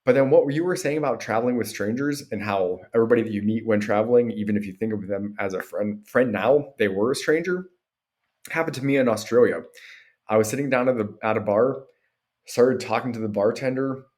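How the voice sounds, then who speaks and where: An American man from Pennsylvania speaks as a podcast guest, his voice at a middle pitch. He tells stories in a relaxed, conversational way, slipping into acted-out quotes. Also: fairly quick. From Pennsylvania, USA. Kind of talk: casual conversational interview.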